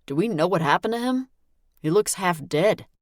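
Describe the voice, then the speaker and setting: A woman voicing a male small-town police chief in an audiobook, calm and questioning. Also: lowish voice, moderate pace, dry recording, clean studio sound, voice pushed up, natural voice.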